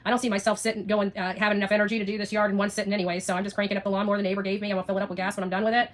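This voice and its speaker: A woman's voice: mid-range voice, little pitch movement, rapid-fire. A woman vlogger ranting to her viewers in a blunt, profane, sarcastic way. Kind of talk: ranting livestream vlog.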